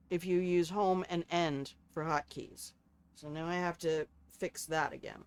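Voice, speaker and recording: Older woman, game streamer, chatty and fond, smooth voice, a bit low. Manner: chatty and affectionate, self-deprecating. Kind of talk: casual livestream sign-off. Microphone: streaming desk microphone.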